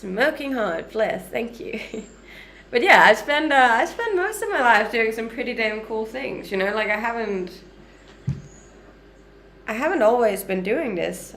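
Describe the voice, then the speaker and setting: A woman's voice: on the high side, animated, unhurried, a bit bright, slight background noise. A woman in her thirties with a mixed Danish, Canadian and Australian accent, chatting upbeat with viewers on a livestream from her kitchen. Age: 30s. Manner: upbeat, chatty, frequent light laughs. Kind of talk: casual livestream chat answering viewer comments. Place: home kitchen.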